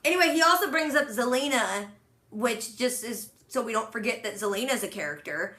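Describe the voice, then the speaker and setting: Bright high-voiced young woman recapping. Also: reverberant. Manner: animated, retells scenes with quick quoted voices. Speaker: podcast co-host recapping a TV episode. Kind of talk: casual chat.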